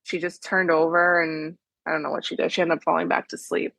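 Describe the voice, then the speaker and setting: A woman's voice: sits low, little pitch movement, brisk, gravelly, fairly bright tone, dry recording. A mother in a coaching session, recounting her week in a rambling, filler-heavy way. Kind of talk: casual chat.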